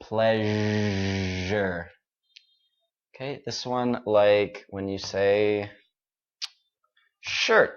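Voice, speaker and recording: A pronunciation teacher who speaks slowly and patiently and models each sound again and again. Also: medium pitch, gravelly, muffled recording. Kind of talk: online English pronunciation class.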